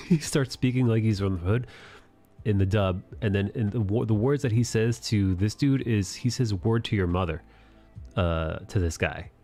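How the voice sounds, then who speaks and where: A man with a fairly low voice talks through an anime recap in a loose, rambling way, swearing now and then. Faint music plays underneath. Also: normal speed, warm tone. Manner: loose, rambling, profane retelling. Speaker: anime review host. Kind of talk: casual recap discussion.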